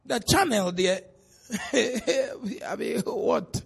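A middle-aged man with a Ghanaian accent preaching a sermon as pastor, swinging between soft asides and shouted exclamations, laughing often. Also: very high voice, drawn-out words, creaky, breathy edge.

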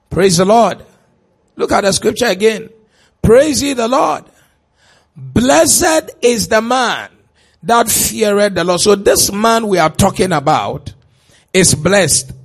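A man preaching a sermon in a church, stretching out shouted lines for emphasis and putting questions to the congregation. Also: high voice.

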